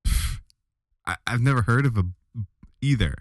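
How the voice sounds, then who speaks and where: A man's voice: medium pitch, animated, moderate pace, dry recording, clean studio sound. A man in his thirties, co-hosting a podcast in casual banter, playfully argumentative and mock indignant. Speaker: podcast co-host.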